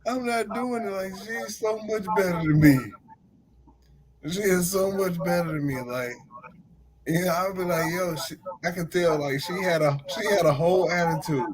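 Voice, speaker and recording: A man's voice: high voice, moderate pace, crowd noise, low-quality recording. A man in his forties, hosting a podcast and telling stories in casual chat, laughing often and acting out the people he talks to. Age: 40s. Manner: animated storytelling, laughs often, acts out callers. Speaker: podcast host.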